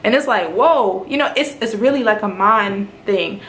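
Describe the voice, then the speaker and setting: A North Carolina nurse in officer training recounts her story in a casual vlog, animated and acting out the lines others said to her. Her voice is medium-pitched at a normal speed. The room gives a roomy echo, with faint background noise.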